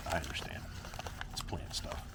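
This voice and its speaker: A young man rambling goofily to himself and his viewers while repotting plants in a casual vlog. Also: background noise. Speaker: plant grower vlogger.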